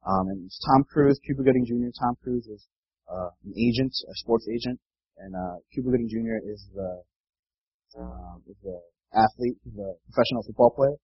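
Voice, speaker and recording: A man's voice: mid-range voice, expressive, moderate pace, vocal fry, breathy edge, dry recording, dull audio. A man preaching a sermon in an earnest way, often repeating words and checking in with the listeners.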